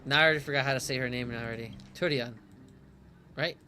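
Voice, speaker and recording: A man's voice: mid-range voice, fairly even intonation, very fast, sharp tone, slight background noise. A man doing casual gameplay commentary, reading subtitles aloud, giggly and self-mocking. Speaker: gaming streamer.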